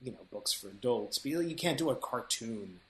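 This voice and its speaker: A man in conversation about his narrating work, thinking aloud with lots of fillers and restarts. His voice sits in a middle pitch. The recording has a roomy echo around it. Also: expressive, normal speed, a little hiss or hum. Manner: thoughtful, rambling, many fillers and restarts. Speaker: audiobook narrator and voice actor. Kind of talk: casual interview chat.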